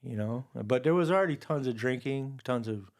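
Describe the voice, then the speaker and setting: A man in his forties from Hawaii, a podcast guest telling stories in a relaxed, rambling way, full of "dude" and "you know.". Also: medium pitch, moderate pace. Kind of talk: casual storytelling conversation.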